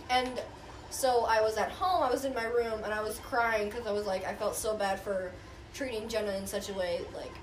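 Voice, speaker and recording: A woman's voice: medium pitch, slight background noise. A teenage girl telling a candid story in casual chat, swearing freely and filling with likes. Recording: roomy sound with music behind. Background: music.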